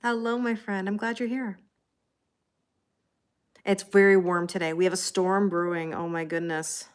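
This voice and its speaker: A woman's voice: medium pitch, fairly even intonation, normal speed, smooth. Tired, chatty Canadian woman. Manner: chatty, greets viewers by name, frequent ums and light laughs. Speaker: tarot reader hosting a livestream. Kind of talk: casual livestream chat.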